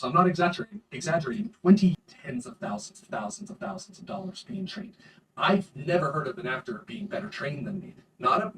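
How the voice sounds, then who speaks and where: A man from the United States, an actor talking in a casual interview, animated and self-deprecating. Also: fairly high pitch, slight background noise. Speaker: actor and guest.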